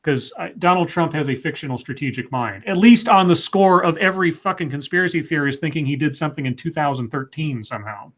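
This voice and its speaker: A man's voice: a little high, animated, quick pace, hardly any pauses, a bit bright. A man co-hosting a casual live stream, reading out viewer questions with hesitant, stammering restarts.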